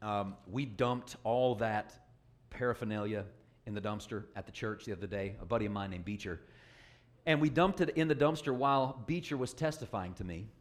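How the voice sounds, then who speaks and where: A man's voice: fairly low pitch, lively intonation, normal speed. A man preaching a sermon, joking with the congregation and calling for responses. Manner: call-and-response, joking, emphatic.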